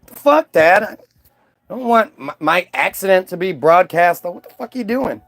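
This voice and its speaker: A man's voice: high-pitched, expressive, normal speed, vocal fry, a bit bright, no room sound, heavily acted. A man doing an exasperated, cursing daughter. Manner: exasperated, swearing. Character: annoyed young woman, embarrassed daughter.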